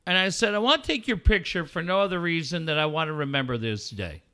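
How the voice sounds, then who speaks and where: Animated, bright-voiced middle-aged man. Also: fairly high pitch, fast, clean tone. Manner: animated storyteller acting out dialogue, swears freely. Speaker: radio co-host. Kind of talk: casual on-air banter.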